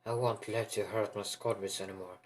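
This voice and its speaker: A man's voice: on the low side, fairly even intonation, a little fast, slight background noise, natural voice. A man doing a brash, defiant young hero.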